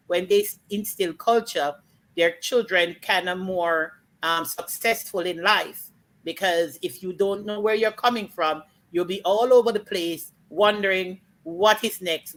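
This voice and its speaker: A woman with a Jamaican accent, chatting and telling folk stories with lively acted-out voices. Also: mid-range voice, poor audio. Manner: animated storytelling, acts out voices. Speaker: storyteller guest. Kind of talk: casual chat.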